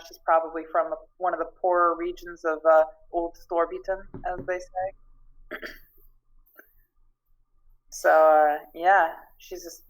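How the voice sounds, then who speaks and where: A woman playing a tabletop game, describing her character with giggles, self-deprecation and trailing sentences. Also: lowish voice. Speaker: player. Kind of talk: casual tabletop play.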